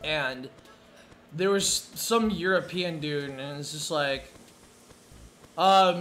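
Speaking slowly with frequent pauses, this man has a slightly high voice. He's live streaming a game and chatting loosely, spinning lively tales peppered with profanity and laughs, all in an echoey room.

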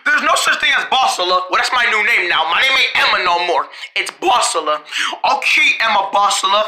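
Super bright voice jumping all over in pitch, bossy playful back-and-forth between characters. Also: lively intonation, fairly quick. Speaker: storyteller voicing several characters. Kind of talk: playful improvised character play.

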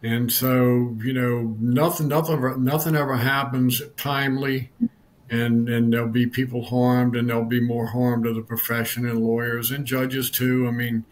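A man's voice: medium pitch, little pitch movement, moderate pace. Man, podcast guest, folksy storyteller, stammering restarts, faint noise behind. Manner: folksy, repeats words, lots of "you know". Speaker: guest, lawyer assistance program director. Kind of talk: casual podcast conversation, storytelling.

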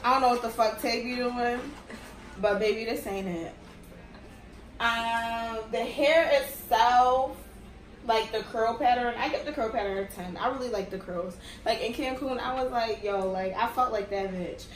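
A woman's voice: fairly high pitch, unhurried, a little hiss or hum. A young woman giving a casual wig review, blunt and profane, complaining in exasperation. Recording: roomy sound from a distant mic with music behind.

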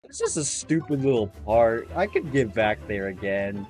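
A young man gaming with friends, swearing and swinging between loud yells and quiet mumbling. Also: lowish voice, lively intonation, normal speed, soft background music. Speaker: gaming YouTuber. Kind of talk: casual gaming chat with friends.

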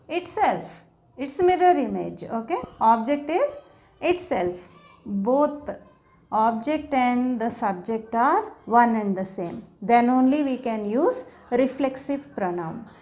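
Slow, patient woman teaching grammar. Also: a little high, lively intonation, darkish tone. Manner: patient, slow explaining with frequent "okay?" checks. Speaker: English teacher. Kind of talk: explaining grammar to viewers.

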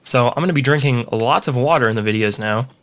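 A man's voice: mid-range voice, fast talker, a bit bright. Young male gamer, loose and profane, jokey running commentary. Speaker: let's play gamer. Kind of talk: casual gameplay commentary.

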